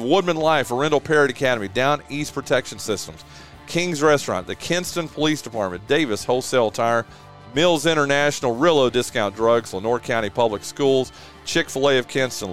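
A man hosting a local radio talk show, signing off in a relaxed, drawn-out way with plenty of "uh" and "man". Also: mid-range voice, soft background music. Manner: easygoing, drawn-out with many "uh"s and "man"s. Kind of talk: casual radio sign-off and chat. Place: radio studio. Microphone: studio microphone.

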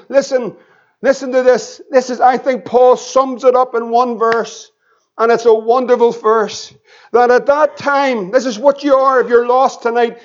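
A middle-aged man, a pastor preaching an evangelistic sermon and telling family stories. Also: extremely high pitch. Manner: impassioned preaching with anecdotes and repeated questions. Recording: dull lo-fi church recording.

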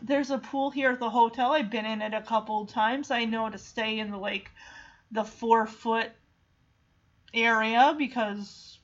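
Chatty high-voiced woman. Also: dull audio. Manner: chatty and emotional, many fillers. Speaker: vlogger retelling a film. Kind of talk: casual movie retelling.

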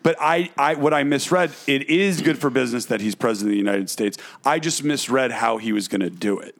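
Guy on a podcast rambling about politics, gravelly fry in his voice. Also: medium pitch, brisk. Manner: rambling, swearing. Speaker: podcast co-host. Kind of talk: casual profane chat.

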